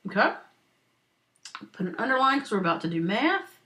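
Over a screen recording, a female accounting instructor patiently guides students through a worked exercise, speaking slowly so they can take notes and often asking "right?" or "okay?" to check in. Her voice is fairly high, very animated, and sharp in tone.

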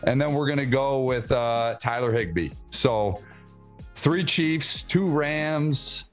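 Excitable man co-hosting a sports podcast. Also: medium pitch, takes it slowly, soft background music. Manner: excitable, teasing, laughs often. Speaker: podcast co-host. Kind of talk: casual sports podcast chat.

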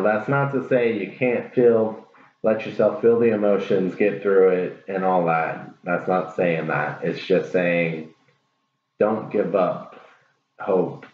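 A man giving a casual tarot reading to his viewers, earnest, encouraging and rambling. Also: low-pitched. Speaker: tarot reader. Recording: echoey room, dull lo-fi sound.

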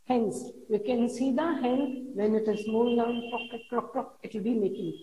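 A woman teaching a classroom lesson, reading a poem aloud and explaining each word slowly and repetitively to children. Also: on the high side, dark tone, slight background noise. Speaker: schoolteacher. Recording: roomy echo.

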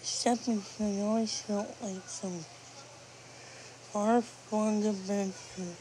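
Slow, gentle woman reading a storybook. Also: medium pitch, fairly even intonation, slight background noise, low-quality recording. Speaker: read-along storyteller. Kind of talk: reading a children's chapter book aloud.

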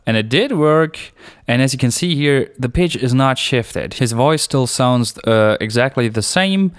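Slow, smooth-voiced man explaining software. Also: mid-range voice, dry recording, studio quality. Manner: relaxed, explanatory, unscripted with fillers. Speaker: software tutorial host. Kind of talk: screencast tutorial narration.

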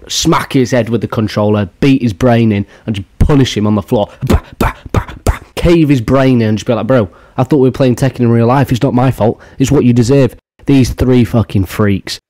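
Young male commentator, profane mocking rants, mellow dark voice, dry close sound. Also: mid-range voice, no echo. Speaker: commentary YouTuber.

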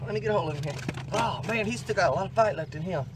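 A man with a notably high voice talks into a handheld camera while fishing outdoors by a river. He sounds hot and winded, folksy and easily riled. A faint hiss of outdoor noise sits behind him. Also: racing. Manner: folksy, excitable, swears mildly at fish. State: hot and out of breath. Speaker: fishing vlogger. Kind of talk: casual outdoor vlog. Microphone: handheld camera mic.

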